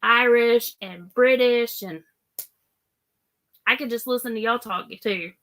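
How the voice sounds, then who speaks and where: A woman's voice: on the high side, slow, fairly bright tone. A woman with a Southern US accent hosting a casual live-stream chat and reading viewer comments aloud. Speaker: host.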